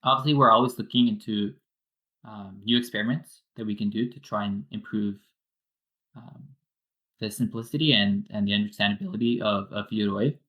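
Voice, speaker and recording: A man's voice: on the low side, normal speed, highs cut off. A man, a wallet developer, giving a casual technical explanation step by step with many fillers.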